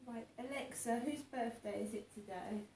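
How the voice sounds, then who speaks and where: A woman's voice: on the high side, moderate pace, mellow, a little hiss or hum. A middle-aged woman chatting casually in a morning vlog from her home, rambling and repeating herself. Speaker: vlogger. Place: home, indoors. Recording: roomy, distant mic.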